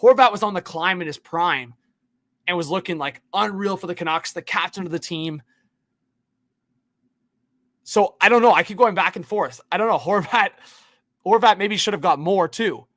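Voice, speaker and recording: A man hosting a hockey livestream, ranting casually with slang and swinging between muttering and shouting in disbelief. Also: sits high, moderate pace, long pauses, no echo, studio quality. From Canada. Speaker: hockey YouTube livestream host. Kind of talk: live-stream hockey rant.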